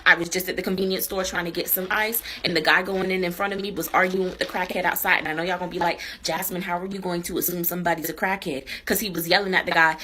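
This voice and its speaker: A young woman from Florida telling a storytime in a deadpan, sardonic way. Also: lowish voice, fast talker, hardly any pauses. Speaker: content creator.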